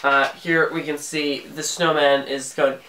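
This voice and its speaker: A man's voice: on the high side, level tone, measured pace, sharp tone, a little hiss or hum. A young man reading out his own childhood comic book, joking about each panel with playful mock-dramatic quotes. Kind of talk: casual comedic commentary. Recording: echoey room.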